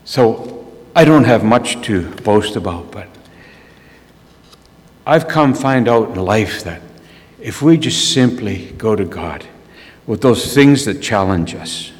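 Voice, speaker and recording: A man preaching, telling a personal story in an animated way and laughing at himself. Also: on the low side, takes it slowly. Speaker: preacher sharing a testimony. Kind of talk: storytelling sermon. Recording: long reverb of a large hall.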